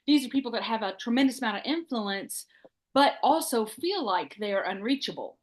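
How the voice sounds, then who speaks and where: Higher-voiced woman hosting a chatty interview. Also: expressive, normal speed. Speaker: podcast host. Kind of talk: casual interview.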